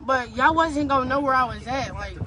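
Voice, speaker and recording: A woman's voice: sits high, a little fast, a crowd in the background. A young woman from Indianapolis, a guest in an interview, retelling events in a casual, profane way with lots of quoted dialogue. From Indianapolis, USA. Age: young adult. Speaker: guest recounting a kidnapping.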